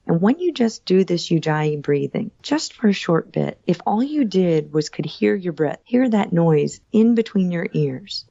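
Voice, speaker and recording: A middle-aged woman yoga instructor answering podcast questions, explaining breathing slowly and calmly, step by step. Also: fairly low pitch, gravelly, no echo, dull audio.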